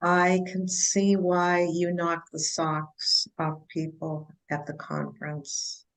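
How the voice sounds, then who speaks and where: A woman podcast host who speaks in slow, halting casual chat. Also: on the low side, monotone, rough recording.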